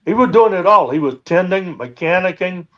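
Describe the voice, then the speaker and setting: A dredge boat owner, guesting on a live stream, tells boat stories in a rambling, casual way full of fillers. His voice is high, a bit bright, and animated, at a moderate pace. The sound is lo-fi.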